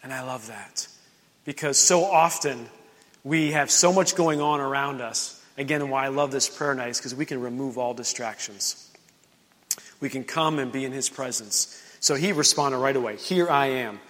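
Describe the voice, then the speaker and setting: A man's voice: mid-range voice, moderate pace. Guy pastor preaching at a wednesday prayer night, acts out the bible dialogue with big voices, church hall reverb. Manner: animated storytelling, acting out Bible dialogue with lively voices. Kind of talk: sermon at a midweek prayer service.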